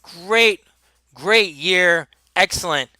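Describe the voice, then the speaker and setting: A man's voice: high voice, very slow, bright, forceful tone, no echo, heavily acted. A man voicing a pompous, fussy male noble lord who gives grand speeches in a tabletop game.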